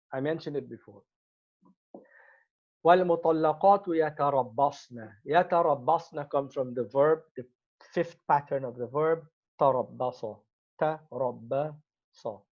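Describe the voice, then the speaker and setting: A man teaching an Arabic grammar lesson, explaining step by step and repeating each Arabic word as he goes. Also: fairly high pitch. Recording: slightly muffled lo-fi recording.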